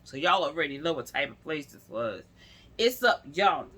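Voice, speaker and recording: A woman's voice: sits low, big pitch swings, moderate pace, a bit bright, breathy edge. A woman vlogger telling a story in a casual, chatty way, acting out the people she quotes and often speaking straight to her viewers. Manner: chatty, keeps addressing viewers directly.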